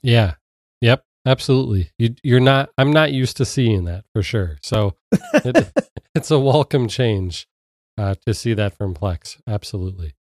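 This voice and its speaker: A man's voice: medium pitch, animated, a little slow, no room sound, clean studio sound. Man hosting a podcast, nasal from a cold. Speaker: podcast host and producer. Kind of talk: casual podcast chat.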